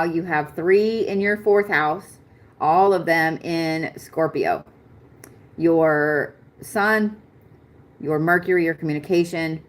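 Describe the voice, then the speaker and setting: A woman giving a live-stream astrology reading in a chatty, excitable way, swearing casually. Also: sits low. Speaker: astrology reader.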